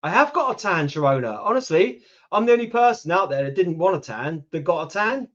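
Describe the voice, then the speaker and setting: A British YouTuber in his fifties, from the UK, banters with livestream viewers and answers their comments. He has a high, fairly bright voice with big pitch swings and talks fairly quickly. The recording is lo-fi livestream audio.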